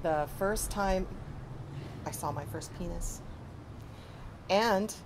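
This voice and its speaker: Woman, author, personal storytelling, dramatic, animated, loud emotional bursts, lowish voice, faint hiss. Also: slow pace. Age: adult.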